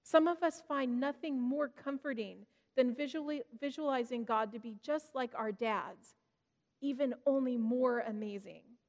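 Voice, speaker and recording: A woman giving an earnest, reflective devotional sermon, gently stressing key words. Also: high voice, a little slow. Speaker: devotional speaker. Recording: long reverb, hall-like.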